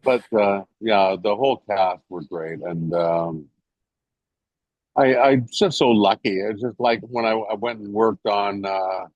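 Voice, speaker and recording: An older man from England, an actor guest on an interview show, telling a story in a lively, animated way. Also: unhurried, no echo, highs cut off. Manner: animated storyteller, jumps to high voices when quoting others. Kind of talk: casual anecdote telling.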